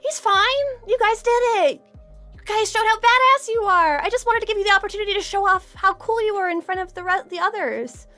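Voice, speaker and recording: A woman's voice: extremely high pitch, brisk, pushed and bright, faint music behind, pitched above the performer's own voice. A woman doing a stammering fae superfan. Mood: pleading. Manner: stammering, defensive. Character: eager young female fae fan, pleading.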